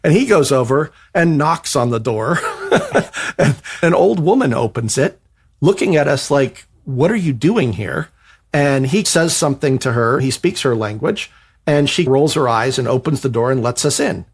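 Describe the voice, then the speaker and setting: A man on a podcast telling a personal anecdote, animated and self-mocking. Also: medium pitch, moderate pace, breathy edge. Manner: animated, self-mocking retelling that acts out quoted dialogue. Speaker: podcast co-host. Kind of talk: storytelling anecdote.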